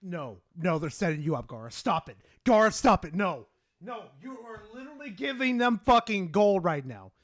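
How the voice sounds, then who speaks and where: A young man streaming live, excitable and swearing, swinging from loud shouts to low mumbles. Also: normal speed, no room sound, clean studio sound. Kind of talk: casual live-stream chat.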